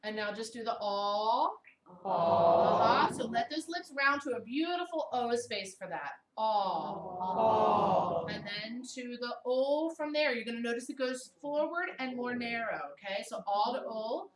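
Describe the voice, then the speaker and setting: An animated woman voice teacher in her thirties with a mid-Atlantic American accent leads a singing workshop, breaking off to sing sample vowels. Her voice sits fairly high. It is recorded from a distance in an echoey room with a faint hiss. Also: normal speed, hardly any pauses. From Baltimore, USA. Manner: animated, demonstrative, models vowel sounds aloud. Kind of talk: vocal technique workshop.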